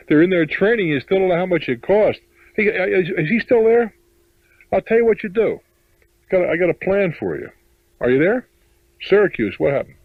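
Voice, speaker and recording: A man's voice: high-pitched, lively intonation, moderate pace, long pauses, dry recording. A middle-aged man hosting a call-in radio advice show, blunt and chuckling as he gives callers his advice. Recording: lo-fi radio broadcast audio.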